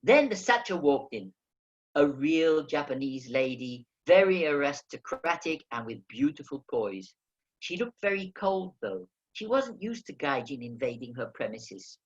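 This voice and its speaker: A man narrating a first-person memoir as an audiobook reader, telling the story in a lively way. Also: a little high, unhurried, muffled recording. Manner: lively storytelling, acting out quoted speech.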